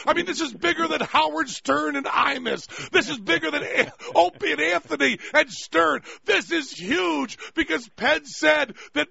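A man hosting a call-in radio show, ranting in sarcastic mock outrage and breaking into shouts, heard on a lo-fi radio broadcast. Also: very high voice, moderate pace, vocal fry, few pauses. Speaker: radio talk show host.

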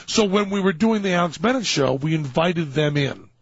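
A man hosting a talk show, telling a long comic anecdote in an animated way and acting out other people's lines. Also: a little high, moderate pace, gravelly, slightly rough, no room sound. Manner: animated storyteller, acting out quoted voices. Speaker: radio show host telling a story. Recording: dull lo-fi dry studio sound.

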